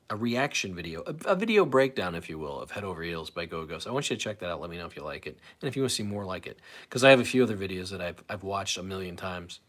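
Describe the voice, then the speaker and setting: A man in his forties hosts a live stream casually, rambling, breaking off mid-thought, and restarting with lots of fillers. His voice sits low with a slightly bright tone.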